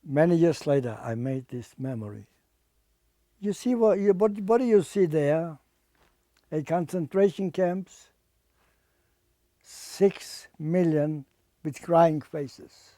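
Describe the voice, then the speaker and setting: An older man giving personal testimony as an interviewee, speaking haltingly and emotionally, often repeating and restarting his words. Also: a little high, lively intonation, warm tone, no echo. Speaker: interviewee, artist.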